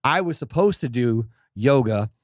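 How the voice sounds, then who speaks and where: A man's voice: mid-range voice, expressive, normal speed, no room sound, clean studio sound. A man co-hosting a comedy podcast, laid-back and teasing, laughing often in casual chat.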